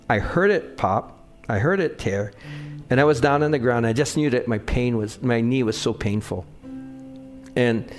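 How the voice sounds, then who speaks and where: A middle-aged male pastor preaching in a relaxed, conversational way, telling personal stories and checking in with the congregation as he goes. His voice sits at an ordinary middle pitch, with a soft guitar playing faintly behind him. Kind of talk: sermon with personal storytelling.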